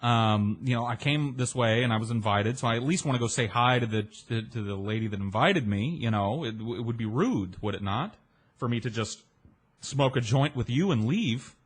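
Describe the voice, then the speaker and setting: Casual male storyteller, animated, acts out quoted voices, mid-pitched. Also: moderate pace. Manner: swears freely, chatty and self-mocking.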